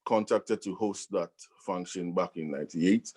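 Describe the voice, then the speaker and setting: A man's voice: sits low, moderate pace. A middle-aged man from Ghana, a DJ and professor, telling stories in a casual interview and laughing often. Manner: laughs often, animated storytelling. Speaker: guest DJ and professor.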